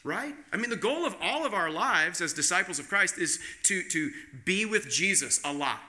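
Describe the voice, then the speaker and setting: A man's voice: high voice, expressive, normal speed, pushed and bright. A man preaching a sermon, earnest, with rhetorical questions and frequent restarts. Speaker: pastor.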